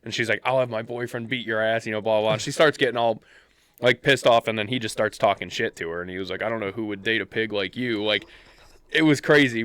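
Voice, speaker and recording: A man's voice: lowish voice, quick pace, a bit bright, smooth, no room sound. Profane, fired-up podcast guy, dry close sound. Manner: profane, heated storytelling. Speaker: podcast co-host. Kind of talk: casual chat.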